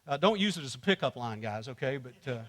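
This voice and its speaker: A man's voice: medium pitch, animated, fast, fairly bright tone. A man teaching a men's class at church in a joking, conversational way, quizzing the audience and laughing often. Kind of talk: humorous teaching to a men's group.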